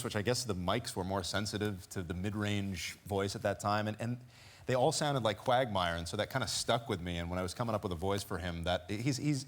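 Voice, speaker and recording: A man chatting as a guest on a talk show about voicing characters, speaking haltingly with many restarts. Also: fairly low pitch. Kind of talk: casual anecdotal chat. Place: TV studio with audience. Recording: studio audience and noise behind.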